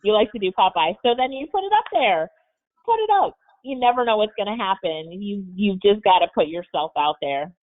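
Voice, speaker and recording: A woman's voice: mid-range voice, animated, a little fast. A woman hosting a live Q&A coaching session on a video call, upbeat and motivational. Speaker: webinar host. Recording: tinny phone-like webinar audio.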